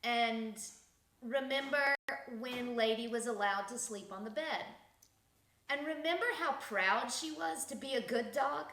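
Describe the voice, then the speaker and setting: A woman's voice: fairly high pitch, measured pace, bright, forceful tone, reverberant, a little hiss or hum. A woman hosting a casual spiritual podcast, blunt and profane, laughing often as she talks. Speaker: podcast host.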